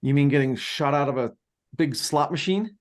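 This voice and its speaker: Pitched fairly high and moving at a moderate pace, a male podcast co-host talks in a casual, rambling way. His speech is thick with fillers and restarted sentences.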